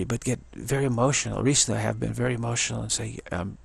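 A man in his sixties gives a rambling spiritual talk, with a gravelly, husky voice. He halts often, repeating words and restarting his sentences as he teaches. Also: mid-range voice, fairly even intonation, fast, hardly any pauses, dry recording. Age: 60s.

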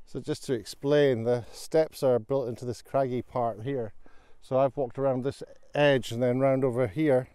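A man's voice: medium pitch, normal speed, few pauses, dark tone, clean tone, dry recording, clean studio sound. A man talking casually to camera on an outdoor walk, thinking things through aloud as he goes. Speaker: vlogger. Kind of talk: casual walking vlog.

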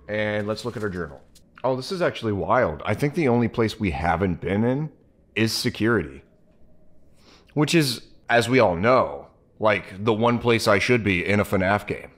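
A man's voice: fairly low pitch, a bit bright. A young man with a congested, stuffy voice, chatting casually and reacting jumpily while playing a horror game. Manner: jumpy, chatty, reacting aloud to scares. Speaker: let's play gamer. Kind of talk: casual gameplay commentary.

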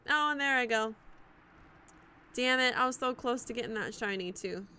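A woman streaming live gameplay, swearing and reacting out loud to the game and chatting with viewers. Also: fairly high pitch, normal speed, smooth. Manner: profane, reactive, talks to the game and chat.

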